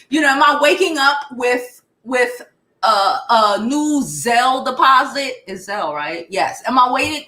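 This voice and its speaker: A woman with a Brooklyn accent riffs through casual pop culture commentary, blunt and profane, her voice bright and a touch high. She sounds like she is in an echoey room. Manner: blunt and profane, animated retelling.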